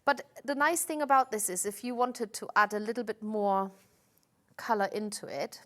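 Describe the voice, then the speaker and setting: A woman's voice: medium pitch, fairly even intonation, moderate pace, fairly bright tone. A woman demonstrating a craft on a live shopping-channel show in a TV studio. She explains each step patiently, with frequent "um"s and restarts.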